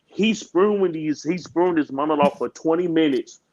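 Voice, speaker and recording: A man co-hosting a wrestling podcast, ranting in a casual, profane way that climbs higher when he gets heated. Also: normal speed, highs cut off. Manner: animated, profane, rants and rises in pitch when heated. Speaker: podcast co-host.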